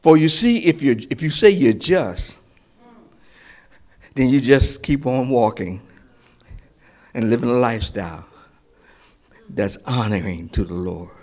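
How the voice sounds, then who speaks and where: A male pastor preaching a sermon, asking the congregation questions and answering them himself, rising to loud emphatic lines and dropping to near whispers. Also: medium pitch.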